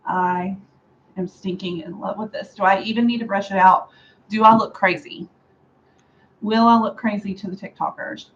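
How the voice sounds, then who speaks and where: A woman chats her way through styling her hair, sarcastic and laughing often. Her voice sits at a middling pitch. The home recording sounds slightly dull, with a faint hum of room ambience behind her. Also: steady tone, normal speed. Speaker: beauty vlogger. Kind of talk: casual hair tutorial chat.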